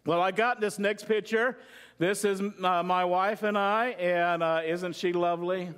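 A man's voice: sits high, fairly even intonation, measured pace, a bit bright, smooth. A middle-aged male pastor preaching a sermon with humorous illustrations, conversational, often asking the congregation questions.

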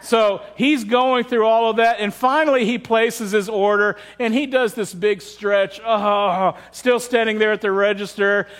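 A man's voice: sits high, steady tone, a little slow, hardly any pauses, fairly bright tone. A man, a pastor, preaching a sermon through candid, humorous storytelling.

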